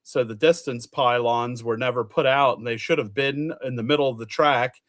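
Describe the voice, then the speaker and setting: A man's voice: medium pitch, steady tone, moderate pace, fairly bright tone. A man in casual chat, rambling through results and stories from an event he worked as an official. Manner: rambling, chatty, reads out results. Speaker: truck pull official.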